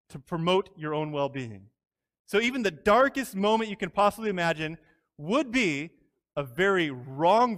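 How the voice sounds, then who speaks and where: A male preacher with a rather high voice delivers a sermon. He speaks earnestly and with emphasis, drawing out the words he wants to land. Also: fairly bright tone. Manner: earnest, emphatic, slows down on key phrases. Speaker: pastor.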